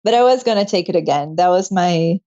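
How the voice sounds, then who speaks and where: A woman's voice: on the low side, lively intonation, a little fast, dark tone, dull audio. A young woman, a medical student, telling her story in a casual interview, emotional and laughing often.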